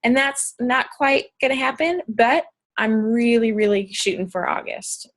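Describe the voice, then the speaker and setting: A woman's voice: on the high side, unhurried. A woman from Pennsylvania hosting a casual goal-setting video call, bubbly and chatty with many fillers.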